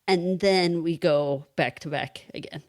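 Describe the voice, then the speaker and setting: This podcast co-host, who also teaches kindergarten reading, has a deep, slightly mellow voice and a measured pace. She chats casually, tells stories and laughs frequently, captured in clean studio sound without room echo.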